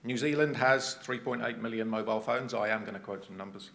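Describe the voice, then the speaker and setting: A man's voice: on the low side, fairly quick, gravelly, fairly bright tone. An English man presenting at a conference, chatty with self-deprecating asides. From England. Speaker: conference speaker.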